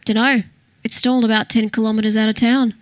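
A woman's voice: on the high side, flat delivery, a little fast, dry recording, close to an everyday voice. A woman voicing a tense, worn-out man trying to get a young woman to flee with him. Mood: urgent. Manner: urgent, strained. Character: tense weary man on the run.

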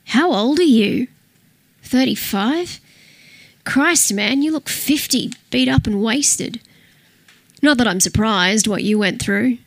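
A woman's voice: a little high, slow, vocal fry, no room sound, full character voice. A woman voicing a menacing small-town male police officer who mocks and threatens in an audiobook. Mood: mocking. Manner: mocking, taunting.

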